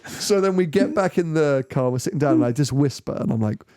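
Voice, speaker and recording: A man's voice: fairly high pitch, a little fast, smooth. A British man hosting a podcast, telling a story in casual chat and acting out the people he quotes. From United Kingdom. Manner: animated, acts out quoted voices. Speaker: podcast host.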